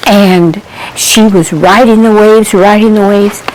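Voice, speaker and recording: A woman telling a Bible-themed children's story, animated, asking her listeners questions and hushing her voice for suspense. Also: mid-range voice, takes it slowly, a little hiss or hum, low-quality recording.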